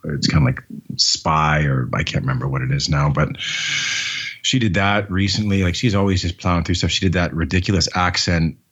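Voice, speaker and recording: A man's voice: low voice, fairly quick, a bit bright, husky, lo-fi sound. A man co-hosting a podcast, chatting casually and enthusiastically with plenty of fillers. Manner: rambling, enthusiastic, lots of fillers. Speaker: podcast co-host. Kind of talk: casual chat.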